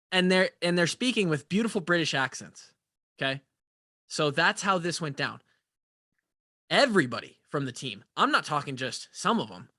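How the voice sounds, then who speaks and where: A young man co-hosting a podcast, telling a profane, animated story in casual chat. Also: on the high side, no echo, studio quality. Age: young adult. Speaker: podcast co-host.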